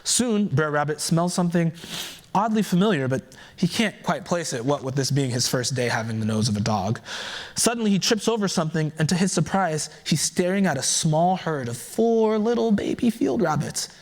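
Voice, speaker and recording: A man telling a folktale aloud at a keynote, in a relaxed, conversational way with offhand asides. His voice sits a bit above the typical male range. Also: on the high side, normal speed. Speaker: keynote speaker. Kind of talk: oral storytelling.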